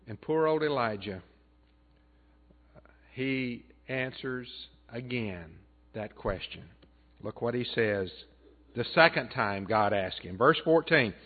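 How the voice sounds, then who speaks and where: A man preaching a sermon as pastor, earnest, building up loud and then dropping soft. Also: mid-range voice, animated, slow, long pauses. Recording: tinny phone-like band.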